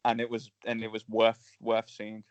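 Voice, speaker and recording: A man co-hosting a podcast, chatting with dry humour and halting starts. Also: lowish voice, completely flat delivery, no room sound. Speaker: podcast co-host. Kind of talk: casual chat. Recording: dry dull podcast mic.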